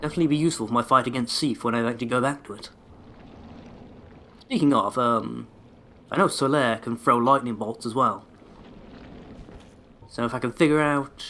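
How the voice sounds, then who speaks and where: Sweary, sarcastic gamer. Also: male voice, medium pitch, vocal fry, pushed and bright, slight background noise. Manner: sarcastic, sweary running banter. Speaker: let's play host. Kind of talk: gameplay commentary.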